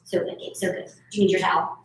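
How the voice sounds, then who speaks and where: Leading a live barre session, a fitness instructor in her thirties talks fast, cheering people on, chatting and laughing a lot. There's slight background noise, and the room is echoey with the mic well away from her.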